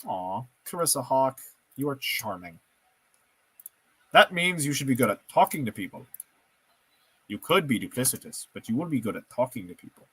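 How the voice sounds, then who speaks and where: A man talks through his moves in a strategy game, musing aloud and poking fun at himself. His voice sits at a middling pitch but bounces up and down with lively intonation. The recording is dry and close, with no room echo. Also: normal speed, long pauses, slightly rough. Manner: thinking aloud, self-mocking, playful. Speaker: gameplay streamer. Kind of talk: casual let's-play commentary.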